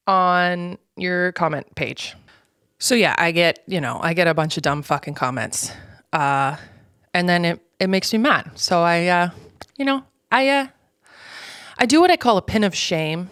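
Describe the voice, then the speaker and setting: A woman's voice: medium pitch, unhurried, fairly bright tone, clean tone, no room sound, studio quality. A young Canadian woman hosting her own podcast, rambling in a casual, profane, unfiltered solo monologue. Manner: casual, rambling with many fillers. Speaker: podcast host.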